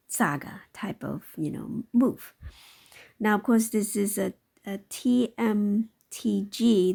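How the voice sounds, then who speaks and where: Gravelly, husky woman reacting skeptically. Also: on the low side, mellow. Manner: halting, with many fillers and asides; sarcastic, skeptical. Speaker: stock market commentator. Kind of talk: reaction commentary over a news clip.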